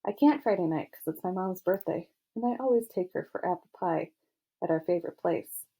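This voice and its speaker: Earnest teenage boy football star, read by a woman, soft and hesitant, low and mellow tone. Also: a little fast, breathy edge. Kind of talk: audiobook character voice.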